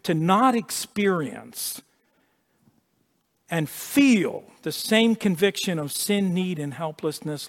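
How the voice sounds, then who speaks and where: A man preaching a sermon with emphasis, repeating words and dropping to a hush at key points. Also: sits high, lively intonation, slow. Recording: long echo of a large hall.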